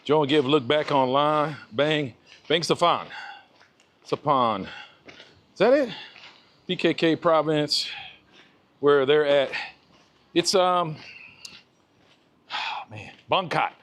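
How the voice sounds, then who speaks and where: A man's voice: fairly high pitch, slow pace, long pauses, fairly bright tone. Laid-back man chatting on a walking livestream. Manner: laid-back, greets chat viewers by name. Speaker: live-stream vlogger. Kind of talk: casual live-stream chat while walking. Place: outdoors on a walk.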